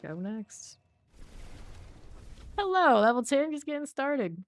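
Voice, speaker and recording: A woman with a mild Southern American accent from the Southern United States streams a game and chats casually with her viewers, often teasing and laughing as she plays. Her voice is high-pitched with big swings in pitch, and she takes her time. It's relaxed gameplay commentary.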